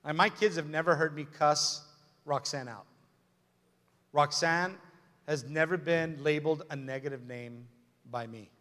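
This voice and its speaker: A man's voice: a little high, measured pace, pauses often, sharp tone. A man preaching a sermon as pastor, emphatic and repetitive, with joking asides. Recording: long hall reverb with faint music.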